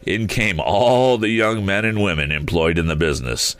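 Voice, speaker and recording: A man narrating a classic story aloud in an expressive, theatrical way. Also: low-pitched, moderate pace, no echo. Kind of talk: audiobook reading.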